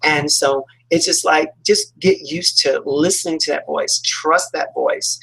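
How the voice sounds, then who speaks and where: A man's voice: a little high, fairly even intonation, a little slow, creaky, bright, forceful tone, slightly rough, low-quality recording. A man, a talk radio host, giving a chatty motivational self-help talk with lots of fillers and acted-out reactions. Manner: chatty, acts out quoted reactions, many fillers.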